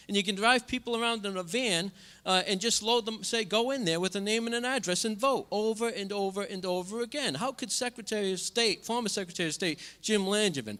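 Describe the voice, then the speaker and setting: A man giving an impassioned campaign speech at a forum, repeating points and stressing key words. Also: pushed and bright. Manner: impassioned, repetitive, drops pitch on asides. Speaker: congressional candidate. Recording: reverberant hall.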